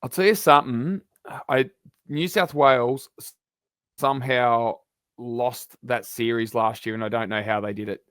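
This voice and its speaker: A man, a guest on a sports podcast, chatting in a relaxed, rambling way. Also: mid-range voice, moderate pace, smooth, dry recording. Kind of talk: casual sports podcast chat.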